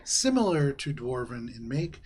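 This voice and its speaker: A man running a tabletop game as game master, describing scenes in a measured, descriptive way with small hesitations. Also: mid-range voice, very animated, a little mellow, slight background noise. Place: live tabletop session with players around.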